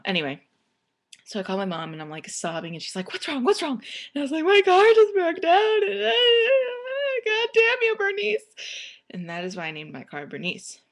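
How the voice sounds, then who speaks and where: A woman's voice: sits low, a bit bright. A young woman telling a personal story casually, rambling with many fillers and restarts.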